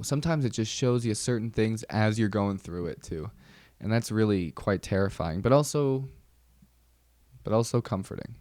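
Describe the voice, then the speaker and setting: Podcast host, young man, lower pitch, loose rambling delivery full of restarts, self-mocking humor. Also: a little mellow, dry recording. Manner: rambling, self-deprecating jokes, many ums and restarts. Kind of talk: casual solo podcast monologue.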